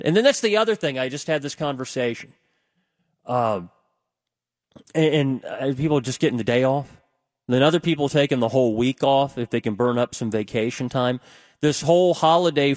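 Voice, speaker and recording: A man's voice: medium pitch, a little mellow, no echo, studio quality. A man filling in as a radio talk host, rambling conversationally and tossing questions out to listeners on a call-in show. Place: radio studio.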